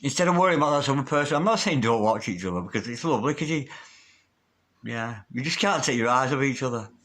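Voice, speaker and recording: A man talking through a tarot reading at an ordinary pitch. His delivery is chatty and emphatic, and he drops the odd swear word in casually. It sounds like a relaxed, one-person reading spoken straight to the viewer. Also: fast. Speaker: tarot reader.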